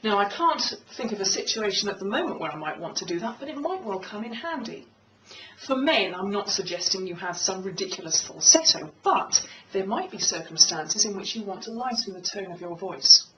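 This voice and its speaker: A woman speaking coach giving a clear, measured talk on confident speaking, in a room with a piano. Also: big pitch swings, fairly bright tone, recorded from a distance, slight background noise, poor audio. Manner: clear, measured, demonstrates pitch by singing. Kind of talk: instructional talk to camera.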